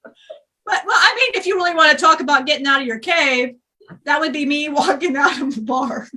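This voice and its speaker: A boisterous male spirit with a bar-room swagger rambles and jokes, as a woman channels him. The voice sits high and bright and is heard a little off the mic. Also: normal speed, far from the mic. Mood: rowdy joking. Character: rowdy joking male spirit, a bar-loving flirt.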